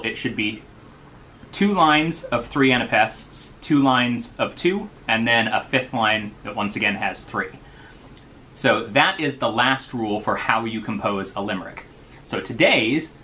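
A man hosting a daily poetry reading, casually explaining limerick rules at a slow, patient pace. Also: medium pitch, sharp tone, slight background noise. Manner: explains slowly, tapping out rhythms. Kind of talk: casual teaching talk.

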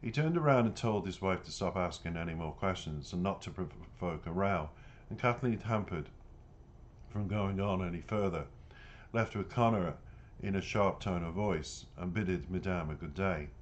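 A man's voice: sits low, normal speed, slight background noise. A man reading his own novel aloud, narrating steadily in the first person. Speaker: author and narrator.

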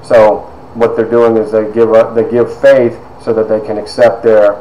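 A man's voice: fairly low pitch, flat delivery, moderate pace, mellow, muffled recording. A man giving a personal testimony as a storyteller, acting out the voices of people he quotes. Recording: echoey room with faint noise.

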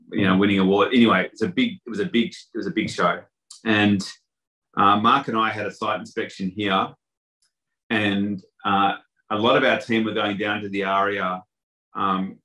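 Man, low bright voice, rambling anecdotal interview guest. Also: rough recording. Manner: anecdotal, lots of fillers and restarts. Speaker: hotel industry guest. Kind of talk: casual interview storytelling.

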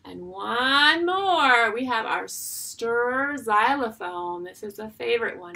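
A woman teaching an online music class for young children, talking in a slow, sing-song way with drawn-out phrases. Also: fairly high pitch, animated, vocal fry.

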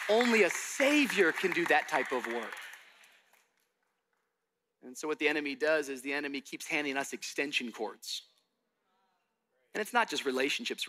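A man's voice: sits high, pushed and bright. A young adult man from Miami preaching a sermon, telling a story with animation and acting out the dialogue. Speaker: pastor.

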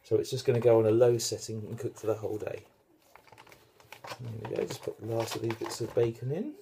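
A man's voice: mid-range voice, fairly even intonation, brisk, background noise. A British man hosting a casual home cooking demonstration in his kitchen, chatting and joking at his own expense. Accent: British English. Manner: chatty, joking, self-deprecating. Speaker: home cook and channel host.

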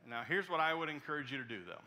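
A male pastor with a bright, ringing voice that sits a little high. He preaches in an earnest storytelling way, often sinking to a near hush for the tender moments. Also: expressive, very fast. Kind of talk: sermon.

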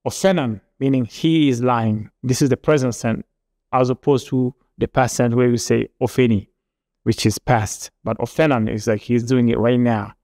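Gravelly-voiced man teaching a language lesson. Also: medium pitch, fairly even intonation, normal speed, darkish tone. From Niger. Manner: patient explaining with frequent repeats and restarts.

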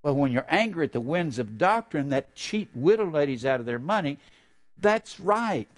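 An older male preacher delivers a fervent sermon in a slightly raised voice. He stretches key phrases slowly, then breaks into sudden loud, high bursts. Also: big pitch swings.

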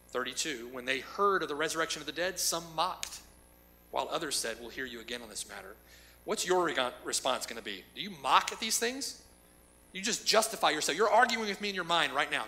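A man's voice: on the high side, pushed and bright, low-quality recording. A man preaching a sermon as pastor, emphatic, with rhetorical questions and repeated lines.

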